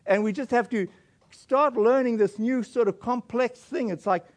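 A man preaching a sermon as pastor in a relaxed, conversational way, with frequent fillers and restarts. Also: very high-pitched, moderate pace. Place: church.

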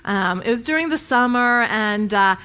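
A woman's voice: a little high, animated, normal speed, bright, forceful tone. A woman preaching a sermon in a conversational, storytelling way, often restarting her sentences.

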